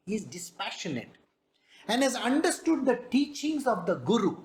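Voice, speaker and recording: Female spiritual teacher, very animated pitch, roomy echo around her. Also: moderate pace, slight background noise. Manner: lively, animated teaching with rhetorical questions. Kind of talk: spiritual discourse.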